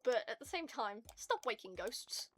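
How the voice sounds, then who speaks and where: A woman streamer chats with her viewers, her voice sitting a little on the high side as she rants with animated, foul-mouthed energy. Faint keyboard clicks and typing sit behind her at the desk mic. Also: moderate pace, slight background noise. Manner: profane, animated ranting. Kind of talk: casual chat with stream viewers.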